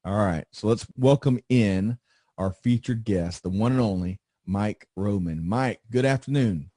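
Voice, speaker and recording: A man's voice: lowish voice, measured pace, dark tone, no echo. A man hosting a veteran-focused podcast, introducing guests in an upbeat, enthusiastic way with frequent repeated words. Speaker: podcast host.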